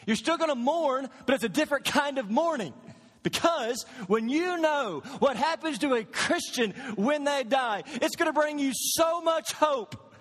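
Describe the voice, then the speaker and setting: High-voiced preacher in a reverberant church. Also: male voice, animated, a little slow. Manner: storytelling preacher, swings from quiet to loud. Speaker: pastor. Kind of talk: sermon. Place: church sanctuary.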